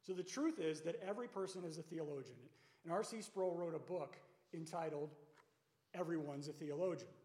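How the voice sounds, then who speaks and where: Speaking at a normal speed with a fairly high, darkish voice, a pastor preaches to his congregation. He keeps it conversational and asks rhetorical questions, and the church sanctuary adds long, echoey reverb.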